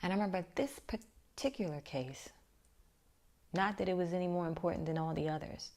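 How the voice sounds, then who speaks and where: Low-voiced woman telling her story softly. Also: fairly quick. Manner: reflective, often drops to a near-whisper. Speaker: vlogger. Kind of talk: personal storytelling vlog.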